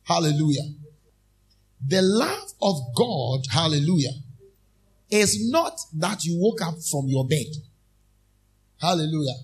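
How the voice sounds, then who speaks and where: A male preacher delivers a sermon at a deliberate, unhurried pace. His voice is slightly husky and pitched a little above the usual for a man. He reads scripture line by line in a church. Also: animated. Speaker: minister.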